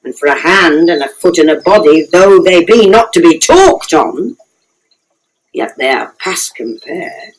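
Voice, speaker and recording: A woman's voice: lowish voice, animated, measured pace, poor audio. A woman voicing a garrulous old nurse who groans about her aching bones and dawdles teasingly in a radio play.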